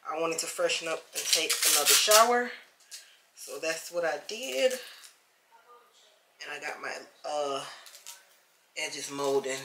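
A woman's voice: deep voice, background noise. Chatty woman vlogging in an echoey room. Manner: chatty and easygoing, calls the viewer "child". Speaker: lifestyle vlogger. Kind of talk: casual chat to camera. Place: home, indoors.

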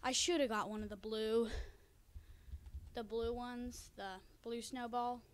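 High-voiced excitable woman gaming. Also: a little slow. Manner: chatty, excitable, talks to viewers. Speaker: gaming video creator. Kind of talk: casual Let's Play commentary. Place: home room by a window. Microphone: cheap desk microphone.

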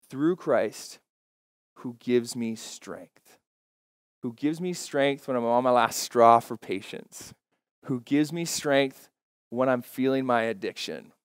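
Male pastor, mid pitch, emphatic sermon delivery, dry recording. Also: no echo. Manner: emphatic, repeats key phrases slowly. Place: church.

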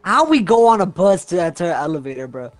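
A young man in casual gaming chat, easygoing and quick to laugh. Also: sits high, very animated, over music. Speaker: gamer.

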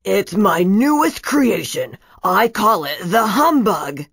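A smug, scheming storybook villain, put on by a woman reading aloud brags loudly about his sneaky plans. The voice is pushed louder than her usual reading voice and sounds a little set back from the mic. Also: mid-range voice, big pitch swings, takes it slowly, gravelly, slightly rough, no echo, studio quality, heavily acted. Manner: loud, boastful.

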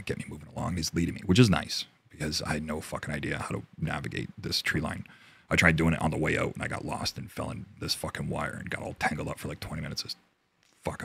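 A very deep, gravelly man from Canada talks through a war story as an interview guest. His voice is husky, with a rough fry on it. He swears freely and often breaks off mid-sentence to start again, and the recording is close and dry. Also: a bit bright, dry recording. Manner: profane, halting, restarts often. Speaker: interview guest, army veteran.

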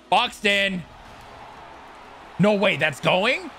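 A man giving excitable live commentary on his own gameplay, swearing freely and yelling at big plays. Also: medium pitch, unhurried, pauses often, faint music behind. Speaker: gaming YouTuber.

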